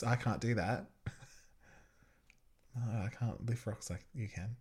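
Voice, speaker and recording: A man's voice: on the low side, slow, long pauses, a little mellow, slightly rough. A man hosting a podcast, giving joking watch-along commentary and teasing the scenes with frequent giggles. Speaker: podcast host.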